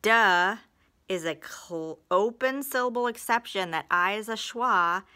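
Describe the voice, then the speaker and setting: A woman's voice: medium pitch, animated, moderate pace, sharp tone. A woman teaching phonics in a recorded lesson, patient, stretching out example words and sentences.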